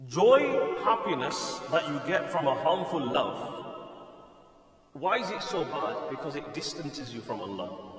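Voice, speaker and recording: A man's voice: a little high, sing-song, unhurried. A man preaching an Islamic lecture, explaining in English and quoting classical Arabic text at speed, with an emphatic, repetitive cadence. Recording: echoey hall, voice from far off, faint music.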